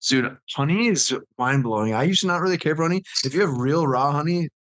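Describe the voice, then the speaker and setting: A man's voice: fairly high pitch, lively intonation, quick pace, fairly bright tone. A man from Minnesota with a Minnesotan accent, hosting a podcast in upbeat casual chat, asking questions and laughing easily. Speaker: podcast host.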